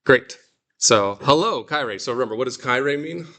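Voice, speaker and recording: A man's voice: medium pitch, expressive, pushed and bright. Man, classroom teacher, plain mid voice, explains and drills pronunciation. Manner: explanatory, repeats and models pronunciations slowly. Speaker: Greek teacher.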